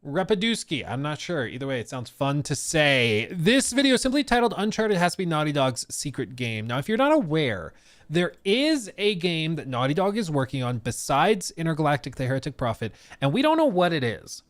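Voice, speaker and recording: A man's voice: a little high, very animated, a little fast, dry recording. A man hosting a live stream, chatting casually and laughing often. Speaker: streamer host.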